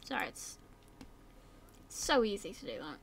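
A woman with a sore throat chats her way through a life-sim game and bosses her characters around. Her voice sits fairly high. A faint hum and soft keyboard clicks run underneath. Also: moderate pace. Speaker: gaming video host. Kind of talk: casual gameplay commentary.

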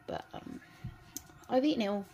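This woman's mid-range voice swoops wildly in pitch, sounding creaky and warm at a normal speed, and the recording is muffled with faint background noise. She's casually vlogging, baby-talking to her animals outdoors and later at home.

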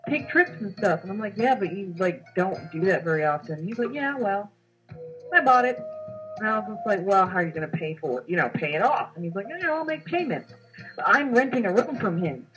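A woman's voice: mid-range voice, fast, hardly any pauses, soft background music, rough recording. A young woman recounting a dream in casual conversation, acting out the quoted lines as she tells it. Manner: animated storytelling with acted-out quotes. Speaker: co-host.

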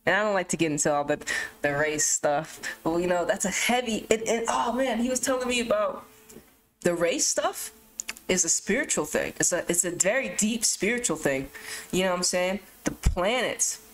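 A young adult woman vlogger talking casually to camera, rambling and swearing, with sudden animated outbursts. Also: on the low side, normal speed, a little hiss or hum, poor audio. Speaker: YouTube vlogger.

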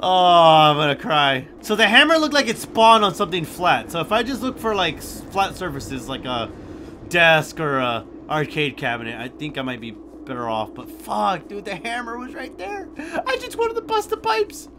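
Loud, animated young man gaming. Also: fairly high pitch, normal speed, noisy background. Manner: swings from hushed muttering to loud shouting and swearing. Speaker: gaming YouTuber. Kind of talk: live gameplay commentary.

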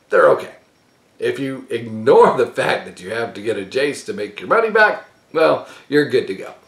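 In an echoey room, a man with a mid-range, fry-tinged voice hosts a card-opening channel. He offers his opinion casually and rambles, often bursting into laughter and restarting sentences.

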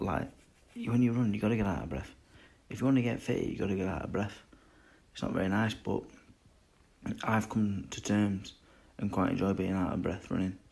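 A man in his twenties chats bluntly and swears freely as he answers questions, drifting from point to point. His voice sits low with a gravelly fry and a husky, slightly raspy edge. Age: 20s. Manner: blunt and sweary, loose rambling delivery. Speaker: boxer answering fan questions. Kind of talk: casual chat.

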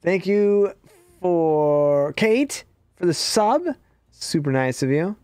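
Man, gaming streamer, playful and giggly, lively pitch, dry close sound. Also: takes it slowly, clear, resonant tone, dry recording. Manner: playful, laughs often, thanks viewers. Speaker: streamer playing a co-op game. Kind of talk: casual gaming chat.

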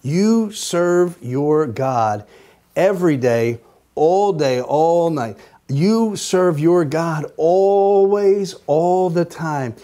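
Slow, mellow-voiced man teaching Bible study. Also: a little high, animated. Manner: slow, deliberate storytelling with emphatic repetition.

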